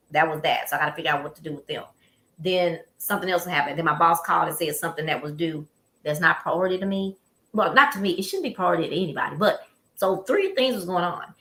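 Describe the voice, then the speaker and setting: Woman w/ chatting, bright voice, animated storyteller, echoey room. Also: on the low side. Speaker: podcast co-host. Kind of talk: casual chat.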